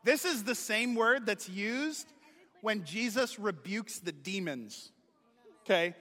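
A male pastor with a high, bright voice gives a playful children's sermon in a church sanctuary. His words ring out with a long hall reverb behind them. He talks straight to the kids in an animated way. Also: slow.

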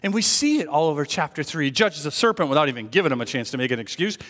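A pastor delivering a sermon in a church hall with a long, lingering reverb. His voice sits a little high for a man. He talks to the congregation like a conversation, dropping to hushed confessions and then rising to loud, emphatic points. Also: very animated, very fast. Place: church sanctuary.

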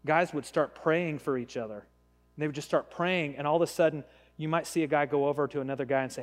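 A man's voice: a little high, a little fast. A man in his thirties preaching a casual, storytelling sermon as a pastor. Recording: long hall reverb.

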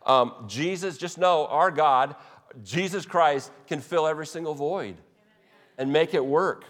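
Preaching pastor in a reverberant hall. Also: male voice, fairly high pitch, measured pace, fairly bright tone. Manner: earnest, emphatic preaching with repeated restarts. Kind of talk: sermon. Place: church sanctuary.

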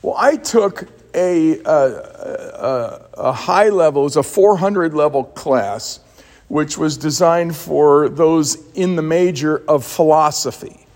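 A man's voice: on the high side, takes it slowly, a little mellow, big-room sound. A man preaching a sermon as a pastor, telling stories with emphatic repeated words.

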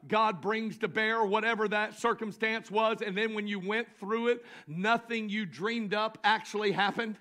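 Southern pastor, high bright tenor, preaches hard and builds to shouts. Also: male voice. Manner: builds to shouting, drawn-out emphatic lines. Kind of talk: sermon. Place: church sanctuary.

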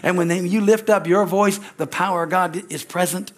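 Guy preaching sunday church sermon, slightly higher voice, goes loud then drops quiet. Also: steady tone, a little fast. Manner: call-and-response preaching with frequent amens and hallelujahs; swings between loud exclamations and quiet asides. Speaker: pastor. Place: church sanctuary.

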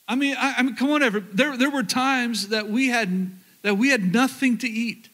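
Southern pastor, male, higher voice, earnest sermon storyteller who restarts phrases. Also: normal speed, hardly any pauses, pushed and bright. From rural Oklahoma, USA. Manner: earnest, repeats words, addresses the crowd.

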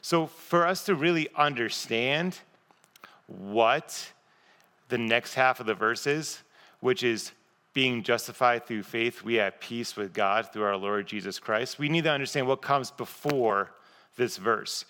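A man's voice: medium pitch, a little slow, pushed and bright. A man preaching a sermon in a casual, conversational, self-deprecating way. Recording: long reverb of a large hall.

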